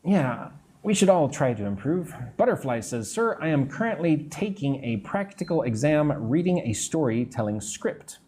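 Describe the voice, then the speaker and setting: A man teaching English on a live stream, modelling phrases slowly and greeting viewers between sentences. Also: on the high side, sing-song, mellow. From United States. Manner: slow, deliberate modelling of phrases, chatting with viewers.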